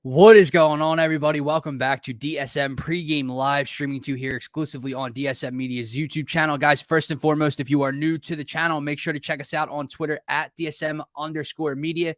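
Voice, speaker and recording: A man's voice: on the high side, level tone, a bit bright, dry recording, studio quality. Upbeat man hosting a sports show. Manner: upbeat, hypes the game with drawn-out emphasis. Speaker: co-host of a sports podcast. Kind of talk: casual sports talk show.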